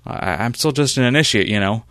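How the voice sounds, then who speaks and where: A man's voice: mid-range voice, animated, brisk, fairly bright tone, no echo, pitched above the performer's own voice, close to an everyday voice. A man voicing a nervous young male initiate in an improvised role-play, hesitant and stammering. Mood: unsure.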